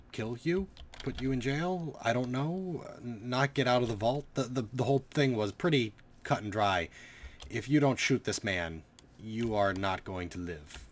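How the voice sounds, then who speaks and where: A man's voice: on the low side, a little hiss or hum. A man giving casual, rambling gameplay commentary, sarcastic and swearing freely. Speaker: gaming commentator.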